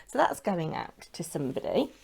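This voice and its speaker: A woman's voice: on the low side, very animated, moderate pace, creaky, husky. A middle-aged British woman chatting casually to camera at home as she shows her handmade crafts, rambling along. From United Kingdom. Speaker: craft vlogger.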